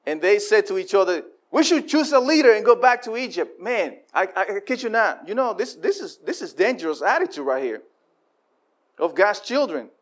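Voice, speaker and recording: A man preaching a sermon, animated and repeating himself as he acts out voices of the people. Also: high voice. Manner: frequent repetitions and restarts.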